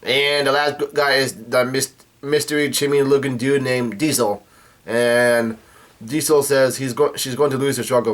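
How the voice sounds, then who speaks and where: A man talks through a manga chapter in a loose, rambling way, stopping often on "uh" and restarting his sentences. His voice sits at an ordinary middle pitch for a man. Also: fairly even intonation, moderate pace. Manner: rambling, full of "uh" fillers and restarts. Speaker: manga reaction host. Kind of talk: casual manga recap.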